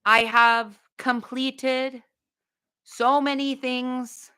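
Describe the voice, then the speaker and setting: A woman doing an impression of a boastful male president, bragging slowly and smugly about himself. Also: high voice, little pitch movement, bright, forceful tone, clear, resonant tone, exaggerated voice.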